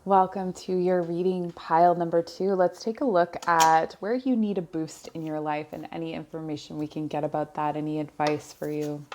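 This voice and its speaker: A woman giving a pick-a-card tarot reading, speaking slowly and softly with searching pauses, wearing headphones. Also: sits low, fairly even intonation, a little hiss or hum. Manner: slow, soft-spoken, searching pauses. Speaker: tarot reader. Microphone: headphones on, close mic.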